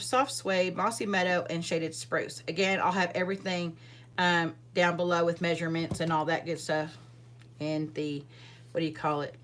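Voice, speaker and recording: A woman's voice: fairly low pitch, noisy background. A woman hosting a live card-making demonstration, chatting casually with viewers and rambling with many fillers and asides. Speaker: card-making livestream host.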